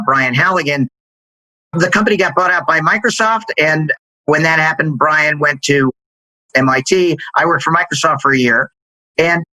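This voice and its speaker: In a dry, low-quality recording, a middle-aged sales executive answers an interview question by telling stories. He's animated, and when he quotes dialogue he acts it out in a raised, higher voice.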